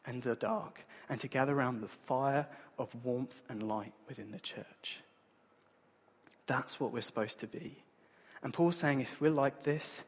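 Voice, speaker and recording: A man, preaching a sermon in an earnest, conversational way, with a husky voice. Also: mid-range voice. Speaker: pastor. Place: church hall. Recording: long hall reverb.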